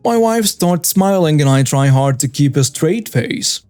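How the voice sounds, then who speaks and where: A narrator reading a written story with a mid-pitched voice that swings widely up and down. The delivery is scripted and animated, and soft music plays underneath the whole time. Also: a little slow, smooth.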